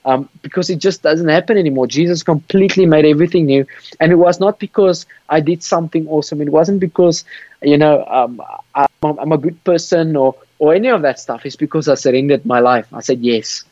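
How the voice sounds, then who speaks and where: A man's voice: a little high, a little fast, warm tone, dry recording. Fervent man on a dull call. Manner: passionate, repeats words and restarts while telling stories. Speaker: guest sharing his testimony. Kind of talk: earnest storytelling on a call. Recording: dull, dry call audio.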